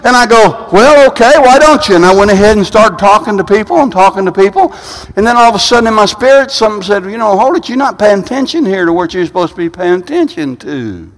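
A man's voice: sits high, expressive, fast talker. A man preaching a sermon as pastor in a church sanctuary. He tells stories with many restarts and repeated words. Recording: long reverb of a large hall.

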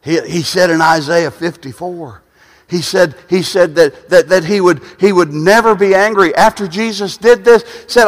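Male preacher, high pitch, sermon delivery with stammered repeats, church hall reverb. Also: normal speed. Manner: repetitive, restarting phrases, rising to shouts at peaks.

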